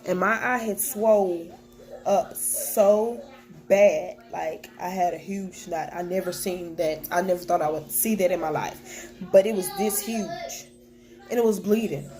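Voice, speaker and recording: A woman's voice: on the low side, fairly even intonation, measured pace, a little mellow, soft background music. A young woman vlogger talking to the camera at home, telling a personal story in a candid, plain-spoken way and quoting what was said. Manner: candid, plain-spoken retelling with quoted dialogue. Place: at home with children nearby.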